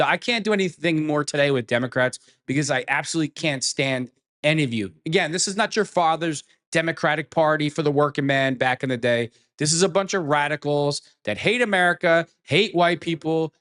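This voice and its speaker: A man's voice: fairly high pitch, a bit bright. A man hosting a political commentary show, reacting to clips in a scornful, mocking way and swearing.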